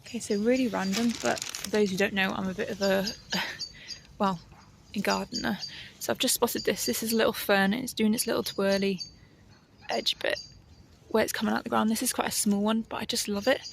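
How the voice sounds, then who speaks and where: A woman, chatting casually in her vlog and laughing often as she talks herself calm. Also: mid-range voice, a little fast, gravelly, noisy background. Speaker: artist vlogger. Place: outdoors on a walk, then at home.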